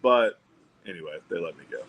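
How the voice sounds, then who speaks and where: Wry, slightly low-voiced storytelling man. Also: expressive, fairly quick, narrow, tinny audio, background noise. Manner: profane, wry anecdotes with acted-out quotes. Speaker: podcast co-host. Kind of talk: casual storytelling chat.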